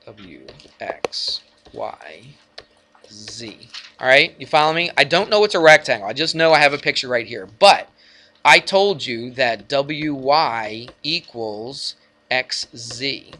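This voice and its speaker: A man teaching a math lesson to his class, lively and energetic, often asking the students questions. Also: medium pitch, slow pace. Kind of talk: classroom lecture.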